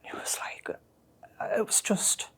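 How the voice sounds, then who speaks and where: A middle-aged woman, telling a personal story in an emotional, halting way that often drops to a near whisper. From North East England. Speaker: interviewee.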